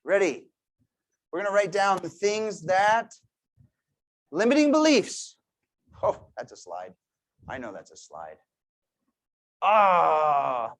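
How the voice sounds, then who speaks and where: A man in his thirties giving a motivational talk to a team, telling stories with quiet asides and sudden loud bursts. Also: sits high, huge pitch swings, takes it slowly, pauses often. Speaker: motivational speaker.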